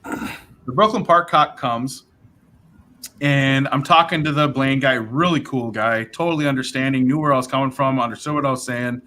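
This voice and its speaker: A man's voice: mid-range voice, normal speed. A man on a live stream telling a personal story in a casual, rambling way, tossing in "right?" and "bro" as he goes. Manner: rambling, animated, acts out dialogue with fillers like right and bro. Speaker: livestream host telling his sobriety story.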